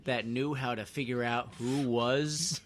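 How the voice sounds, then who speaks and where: A man's voice: mid-range voice, fairly even intonation, a little slow, a crowd in the background. A man in a casual podcast chat, asking curious questions and floating silly ideas. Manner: curious, asks naive questions. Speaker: podcast co-host.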